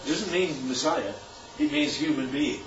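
Animated preacher in an echoey hall. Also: male voice, on the high side, normal speed, background noise. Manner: animated, emphatic, rhetorical "right?" asides. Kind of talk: sermon. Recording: echoey room, distant mic, dull sound.

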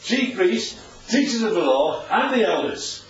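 A man's voice: high voice, sing-song, a little slow, a little hiss or hum. A man teaching a Bible story to a group, chatty and often asking his listeners questions. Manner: chatty, asks the audience questions. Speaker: preacher. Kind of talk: informal Bible teaching with slides. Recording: distant, echoey, dull room recording.

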